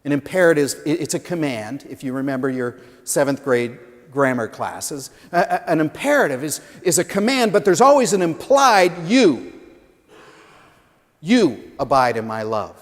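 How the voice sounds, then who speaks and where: A man preaching a sermon, telling stories and swinging from loud emphasis to hushed lines. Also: on the high side, animated, moderate pace. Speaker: pastor. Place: large stone church sanctuary. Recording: long church reverb.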